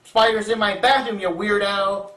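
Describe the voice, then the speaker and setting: A man's voice: high-pitched, flat delivery, moderate pace, pushed and bright. A scornful street heckler, raised and jeering, as a man puts him on. The room adds echo and the mic sits some way off. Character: rude heckling New Yorker man. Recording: roomy echo, distant mic.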